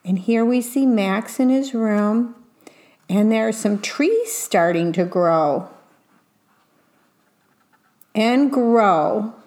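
Slow gentle woman reading a storybook. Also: medium pitch, lively intonation. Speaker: reader. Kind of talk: reading a picture book aloud and describing the pictures.

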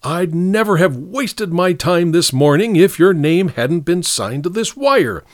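A man voicing a large, blustering wealthy antiquarian who talks loudly and indignantly. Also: high voice, lively intonation, unhurried, dry recording, studio quality, pitched above the performer's own voice. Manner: loud, indignant, insistent.

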